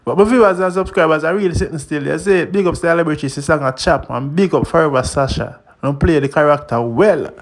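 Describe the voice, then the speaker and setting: A man's voice: fairly high pitch, fast, few pauses, faint music behind. A man with a Jamaican accent hosting a reaction vlog, chatting in patois and laughing often. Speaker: host.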